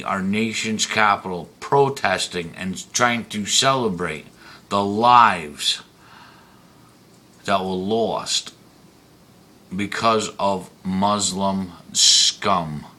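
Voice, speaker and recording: A man rants in a heated, emphatic way, swearing often and hammering his points home. His voice sits a little low and sounds tense and forceful. He talks slowly and deliberately. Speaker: video blogger. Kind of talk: angry ranting monologue.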